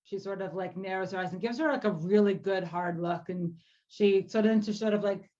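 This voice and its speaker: A woman's voice: medium pitch, fairly quick, mellow, muffled recording. A woman game master casually describing a character's actions at a tabletop game.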